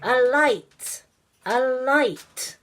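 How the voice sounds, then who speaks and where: A woman's voice: mid-range voice, big pitch swings, takes it slowly, gravelly, a bit bright, heavily acted. Fairy queen, bossy and suspicious, storybook, nana voicing her. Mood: commanding. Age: older.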